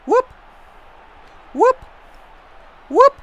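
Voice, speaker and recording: Excitable young man yelling over a soccer game. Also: extremely high pitch, very slow, lo-fi sound. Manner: excitable, swearing, yelling and whooping at big plays. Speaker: gamer. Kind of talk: live gameplay commentary.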